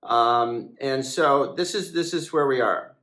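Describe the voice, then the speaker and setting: A man talks in a rambling, aggrieved monologue, stopping often for fillers and restarting his sentences. His voice sits at an ordinary middle pitch. The room around him is echoey. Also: a little slow, pushed and bright. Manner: hesitant, full of fillers and restarts; aggrieved, complaining. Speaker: website founder and editor. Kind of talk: casual monologue to camera.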